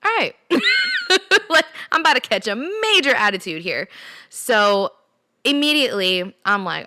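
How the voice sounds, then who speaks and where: Candid chatty woman with a bright voice. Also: medium pitch, sing-song, dry recording. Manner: candid, chatty, quick confessional storytelling. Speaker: podcast host. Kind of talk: solo casual podcast talk.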